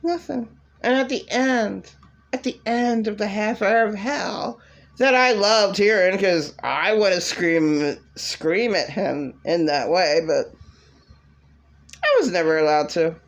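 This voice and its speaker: A woman's voice: medium pitch, animated, slow, dull audio. A woman rambling through an agitated, repetitive rant to camera in a vlog. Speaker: vlogger.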